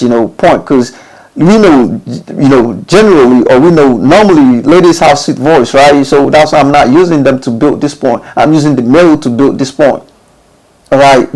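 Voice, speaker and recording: A man's voice: fairly high pitch, gravelly, a little mellow, low-quality recording. A man hosting a studio channel, giving casual advice to recording artists, with emphatic rhetorical questions and many restarted phrases. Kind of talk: casual talk to camera.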